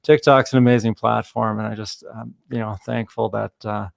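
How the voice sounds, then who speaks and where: A man hosting a podcast in casual conversation, enthusiastic and a bit halting. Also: fairly low pitch, fairly even intonation, gravelly, dry recording, clean studio sound. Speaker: podcast host. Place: works in Canada.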